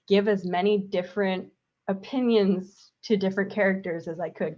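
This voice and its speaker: A woman's voice: medium pitch, muffled recording. A woman author on a book panel, speaking thoughtfully and hesitantly with many fillers. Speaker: graphic novel author on a panel. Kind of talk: panel discussion.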